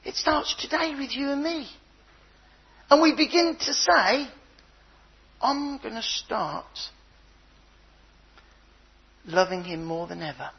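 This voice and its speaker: An older man preaching a sermon, telling stories with playful voices and a husky tone. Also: very high-pitched, takes it slowly, long pauses, highs cut off. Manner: animated storytelling with playful voices.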